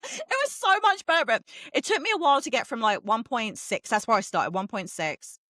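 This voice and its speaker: A middle-aged woman from England, co-hosting a podcast in casual chat, talking fast and swearing freely. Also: fairly high pitch, expressive, sharp tone, no room sound. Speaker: podcast co-host.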